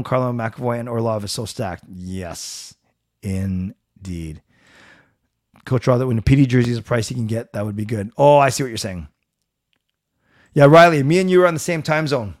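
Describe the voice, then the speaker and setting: A middle-aged man hosting a live stream, reading viewer comments aloud and answering them in a relaxed, chatty way. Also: medium pitch. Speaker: livestream host reading chat. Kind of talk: casual chat.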